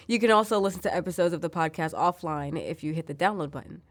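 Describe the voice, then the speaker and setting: Low-voiced woman chatting on her podcast. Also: a little fast, no echo. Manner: chatty, rambling, with restarts and giggles. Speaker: podcast host. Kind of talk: casual solo podcast recommendations.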